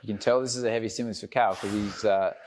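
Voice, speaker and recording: A man's voice: lowish voice, steady tone, racing, background noise. A young man coaching a fitness class, counting down reps and encouraging his co-coach with friendly banter.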